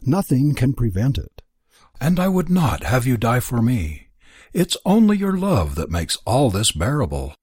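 A man voicing a gentle, resigned young female slave in a storybook reading, speaking softly. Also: mid-range voice, very animated, unhurried, slightly rough, no room sound, clean studio sound, voice pushed up. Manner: soft, hushed pleading.

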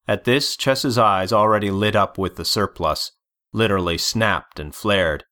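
A man reading a story aloud as narrator, deliberate and measured. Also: fairly low pitch, a bit bright. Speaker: audiobook narrator. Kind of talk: scripted narration.

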